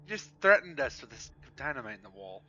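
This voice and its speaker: A man playing a tabletop game, bantering in character with incredulous quick replies. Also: medium pitch, very animated, pushed and bright, husky, dull audio, faint music behind. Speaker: player. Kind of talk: casual tabletop role-play.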